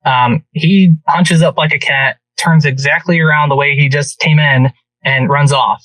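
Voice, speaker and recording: A man on a podcast telling a hunting story in an animated, casual way, with many restarts. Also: fairly high pitch, a little slow, no room sound, far from the mic, rough recording. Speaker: podcast guest.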